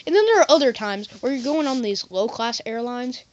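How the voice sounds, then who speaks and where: A woman's voice: on the high side, lively intonation, brisk, muffled recording. A woman talking in a silly, rambling comedy monologue as a vlogger, often jumping into goofy voices.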